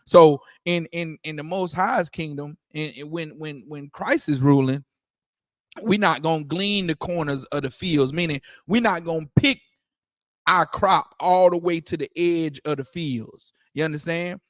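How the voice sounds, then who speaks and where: A man with a high voice preaches in loose, casual talk and keeps checking that his listeners follow him. He stumbles and restarts his phrases often. The sound is dry and close to the mic. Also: unhurried, fairly bright tone, no echo. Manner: repeats "you understand?", stammers on restarts, laughs often. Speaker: teacher leading a religious discussion.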